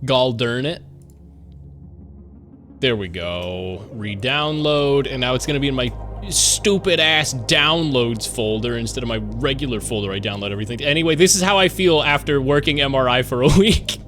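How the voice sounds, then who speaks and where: A male streamer in casual live-stream chat, middle-pitched and loose. He rambles from thought to thought with excitable bursts and swears freely, while faint music plays behind him. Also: moderate pace.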